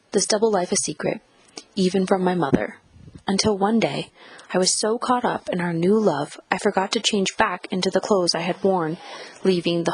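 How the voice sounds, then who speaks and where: Husky woman reading an audiobook. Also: mid-range voice, poor audio. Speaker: narrator. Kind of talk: first-person audiobook narration.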